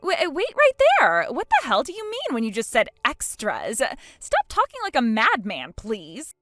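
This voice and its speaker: Woman plays a snooty bride with a high, swooping, mocking voice, over dry audio with soft music. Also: very animated, moderate pace, no echo. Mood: flustered. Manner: sneering and haughty, breaking into mocking laughs. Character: arrogant, mocking young bride who sneers at her friend. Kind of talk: dramatized text-message story.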